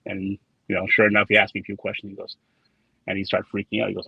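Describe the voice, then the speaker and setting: A man's voice: fairly low pitch, monotone, fast talker, creaky, pushed and bright, husky, dry recording. A man being interviewed in casual conversation, rambling and repeating words as he tells anecdotes with quoted dialogue. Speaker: trading card designer, guest. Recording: dull lo-fi sound, dry.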